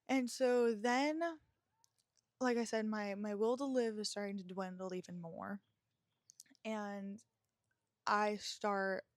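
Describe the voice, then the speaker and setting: A woman's voice: mid-range voice, no room sound, studio quality. Candid woman telling her own story. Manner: reflective, confessional, with many filler words. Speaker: podcast host.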